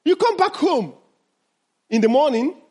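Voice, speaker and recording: A man's voice: extremely high pitch, animated, measured pace, a little mellow. A man teaching mindfulness to an audience, asking them questions and then answering them himself.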